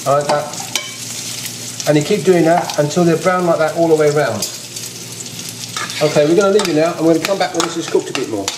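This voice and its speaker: Speaking fast in a voice on the high side, a home cook from the United Kingdom with a British English accent walks through a recipe in a relaxed kitchen demo. He rambles and says things more than once. The kitchen is echoey and carries a little faint noise.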